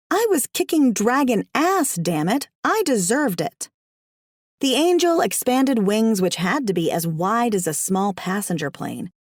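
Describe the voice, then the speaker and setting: A woman narrating a first-person audiobook in a wry, expressive way. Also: mid-range voice, no room sound, clean studio sound.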